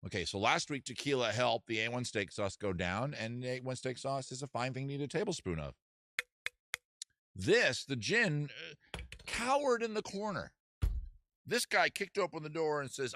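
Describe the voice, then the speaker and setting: A man's voice: mid-range voice, animated, normal speed, a bit bright, dry recording, clean studio sound. A man hosting a comedy livestream, rambling and self-mocking in a casual chat style. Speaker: host.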